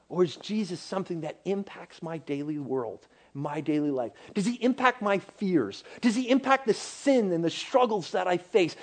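A man preaching a sermon in a casual, animated way, at times dropping to a near-whisper. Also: sits high. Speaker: pastor.

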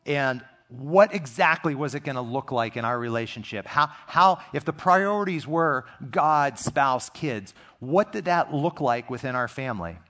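A man's voice: mid-range voice, lively intonation, normal speed, few pauses, bright, forceful tone. A middle-aged man, a pastor, preaching a sermon in a conversational, earnest way and telling personal stories to his congregation.

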